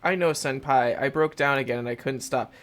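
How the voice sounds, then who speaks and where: A man's voice: medium pitch, brisk, a bit bright, lightly acted. A man voicing a clumsy young tank girl from a dating game, meek and apologetic.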